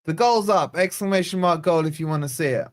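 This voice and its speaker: Brisk and fairly high-pitched, a fan channel host leads a live football watch-along. As the match goes on, he vents about his team in a blunt, sarcastic way.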